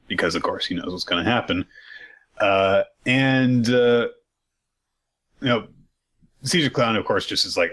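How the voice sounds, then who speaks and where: A man with a fairly low voice runs through a weekly recap in relaxed podcast chat. He rambles, piles on fillers, and swears for laughs. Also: normal speed. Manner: loose and rambling, many fillers, jokey profanity. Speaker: podcast co-host.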